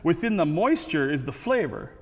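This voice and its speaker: A man's voice: on the high side, sing-song, moderate pace. A man giving a casual, conversational sermon with frequent restarts and asides. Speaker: guest speaker. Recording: reverberant hall.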